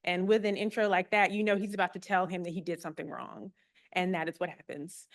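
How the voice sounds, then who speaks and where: A woman's voice: fairly low pitch, steady tone, fairly quick. A woman archivist giving a public talk to a live audience, friendly and explanatory with a light touch of humor.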